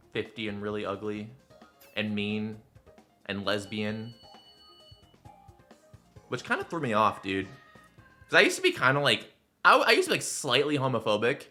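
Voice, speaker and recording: Bright-voiced young man rambling animatedly. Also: a little high. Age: 20s. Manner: rambling, filler-heavy, animated. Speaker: streamer. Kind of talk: casual storytelling while gaming.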